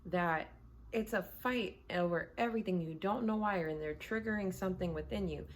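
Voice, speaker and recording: A woman's voice: lowish voice, normal speed, a little hiss or hum. A woman who reads tarot, talking casually from her home in a blunt, candid, conversational way. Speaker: tarot reader. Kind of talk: casual chat.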